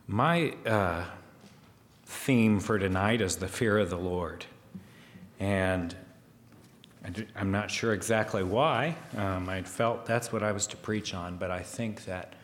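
A man preaching a sermon, slow and hesitant, with fillers and restarts, growing louder as he reads scripture aloud. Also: lowish voice, big-room sound, a little hiss or hum.

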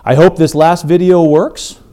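A man's voice: fairly high pitch, flat delivery, a little slow, mellow. A middle-aged man hosting a faith podcast, delivering an earnest, emphatic sermon-style talk. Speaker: podcast host.

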